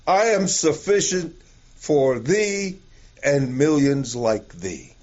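A vast, calm ocean speaks in a slow, soothing voice that lingers over each repeated phrase, as a man acts it out in a sermon. It sounds unhurried, with a fairly high tone. The recording is dull and lo-fi. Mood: reassuring.

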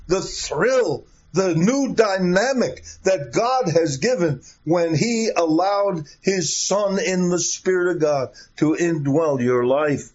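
A man's voice: high-pitched, lively intonation, slow, hardly any pauses, darkish tone. A middle-aged or older man preaching a sermon emphatically. He asks rhetorical questions and repeats key phrases. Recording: dull lo-fi recording.

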